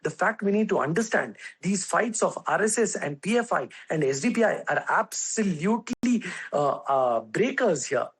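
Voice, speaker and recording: A man's voice: high-pitched, lively intonation, moderate pace, breathy edge. A man speaking as a political analyst in a heated TV panel debate, argumentative and slipping Hindi phrases into his English.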